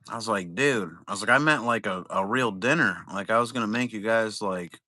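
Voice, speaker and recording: A man's voice: fairly low pitch, fairly quick, pushed and bright, no room sound. A middle-aged man chatting casually on a live selling stream, rambling through stories, swearing freely and laughing at himself. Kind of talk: casual chat. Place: at home, sitting.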